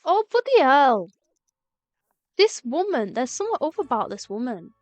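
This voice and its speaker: A woman's voice: high-pitched, sing-song, moderate pace, darkish tone, dry recording. A young woman streaming a game live, chatty and exasperated, swearing at the game. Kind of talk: live gameplay commentary.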